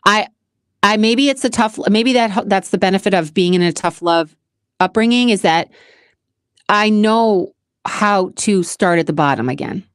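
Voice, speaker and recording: An earnest woman talks through a personal motivational monologue on her own channel. She repeats key phrases for emphasis and keeps an everyday mid-range pitch. The recording is dry and close, with no room sound. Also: measured pace, clean tone, no room sound. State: close to tears at times. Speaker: channel host.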